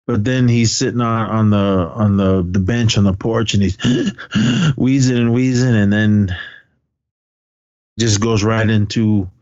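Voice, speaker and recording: Deep-voiced man laughing through a recap. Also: fairly even intonation, measured pace, darkish tone, clean tone, dry recording, highs cut off. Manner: laughs often while retelling scenes, swears casually. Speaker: podcast co-host. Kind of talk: casual movie recap chat.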